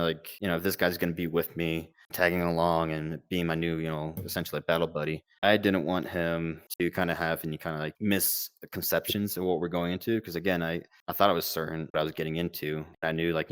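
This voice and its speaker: A man's voice: low-pitched, dry recording. A man in his late twenties from the United States, a former combat medic telling his story in a candid, rambling, self-deprecating way. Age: late 20s. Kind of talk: casual storytelling.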